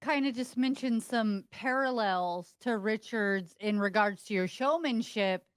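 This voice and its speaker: A woman's voice: fairly high pitch, measured pace, clean tone, no room sound. A woman producer on a podcast, asking curious, thoughtful questions in casual chat.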